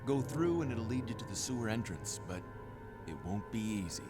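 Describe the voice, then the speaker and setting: An actor playing a curt, guarded cop in a horror video game, heard over game music. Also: male voice, on the low side, very animated, normal speed. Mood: urgent.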